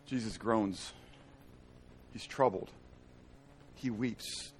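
A middle-aged man preaching a sermon, asking his congregation questions, swinging between loud emphasis and hushed tones. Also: fairly low pitch, extremely slow, slight background noise. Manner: asks the congregation fill-in-the-blank questions. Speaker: pastor.

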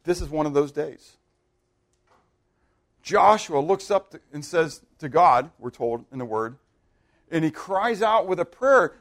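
A pastor preaching a sermon, animated and questioning his congregation, swinging between loud emphasis and hushed asides. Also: a little high, measured pace, long pauses.

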